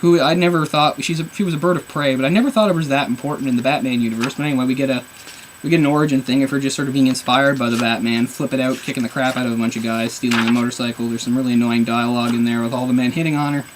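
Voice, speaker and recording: A man's voice: medium pitch, steady tone, racing, slight background noise, low-quality recording. A man reviewing a comic book on camera, rambling in an exasperated, sarcastic way. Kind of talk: casual video review.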